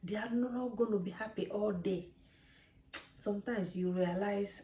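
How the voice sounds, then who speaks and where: A woman's voice: medium pitch, a little slow, mellow. A woman, a mother, talking straight to camera with parenting advice, earnest and preachy and repeating her points. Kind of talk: direct-to-camera advice talk. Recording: echoey room.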